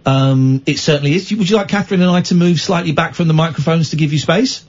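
A man's voice: fairly high pitch, darkish tone. A man hosting a late-night radio phone-in, joking and teasing callers. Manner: jokey, teasing, quick to interrupt. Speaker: radio host. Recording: dull lo-fi radio broadcast.

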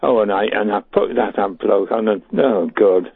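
Caller, man about ninety, gravelly and husky, tinny phone line, grumpy. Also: lowish voice, normal speed, no room sound. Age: 90s. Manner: gloomy, grumbling. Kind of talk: radio phone-in call.

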